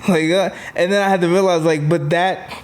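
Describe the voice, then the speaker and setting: A man's voice: high-pitched, fairly even intonation, brisk, slight background noise. Blunt New York comedian man, casual. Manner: blunt, laughs while telling stories. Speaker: comedian guest. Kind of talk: casual chat.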